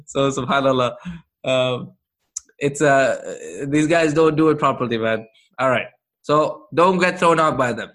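A man's voice: mid-range voice, expressive, a bit bright. A man teaching an interactive grammar lesson, quizzing his class and praising answers as he goes. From Canada. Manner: slow, encouraging, quizzes the class with quick praise. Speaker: Arabic teacher.

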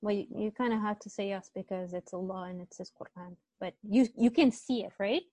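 A woman's voice: medium pitch, brisk, mellow, no room sound. A woman teaching an online Arabic grammar class, explaining step by step and often checking with students, with a slight cough.

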